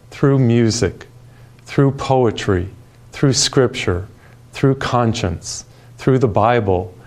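A man preaching a televised sermon in a calm, gentle, soothing way, telling personal stories. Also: lowish voice. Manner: storytelling with personal anecdotes.

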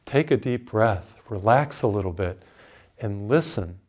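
Man preaching a calm sermon. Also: lowish voice. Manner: relaxed storytelling, leads listeners in slow breathing.

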